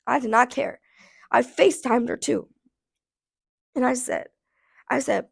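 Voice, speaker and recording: A woman in her thirties telling a casual storytime rant, blunt and profane, her voice going hoarse, with lots of "like" fillers. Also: fairly high pitch, steady tone, measured pace, pauses often. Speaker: vlogger.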